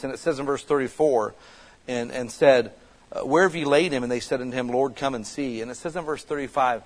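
A man's voice: mid-range voice, poor audio. A man preaching a casual, conversational sermon that builds to passionate emphasis as a church pastor. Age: adult with children.

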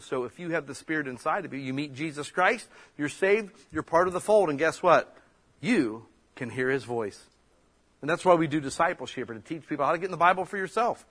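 A man, a pastor giving a folksy, conversational sermon, breaking into sudden loud bursts. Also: a little high, husky.

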